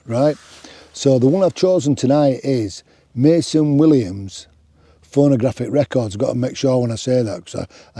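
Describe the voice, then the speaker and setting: With a warm, mid-range voice and no echo, this middle-aged hiking vlogger wanders through casual chat on open moorland. He talks into a clip-on mic, full of fillers and restarts as he rambles.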